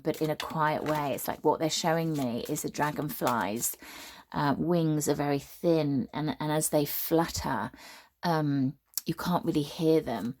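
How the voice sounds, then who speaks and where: A woman from the UK reads tarot cards aloud in a low, slightly croaky voice. She talks softly and haltingly, with many ums and restarts. A faint hiss of noise sits under the recording. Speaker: tarot reader. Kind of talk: spoken tarot reading to camera.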